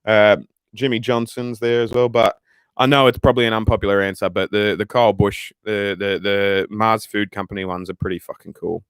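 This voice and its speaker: A man's voice: lowish voice, fairly even intonation, brisk, a bit bright, clear, resonant tone, dry recording, clean studio sound. A man with an Australian accent hosting a casual Q&A, answering viewer questions in a rambling, profane way with frequent restarts. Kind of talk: casual livestream Q&A. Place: room with racing posters on the wall.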